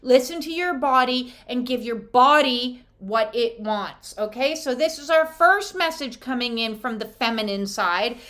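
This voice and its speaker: A middle-aged woman talks through an oracle card reading in a loose, chatty way. She is blunt, swears without a second thought and laughs easily. Her voice sits a little on the high side. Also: unhurried, hardly any pauses, fairly bright tone. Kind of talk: casual spiritual card reading.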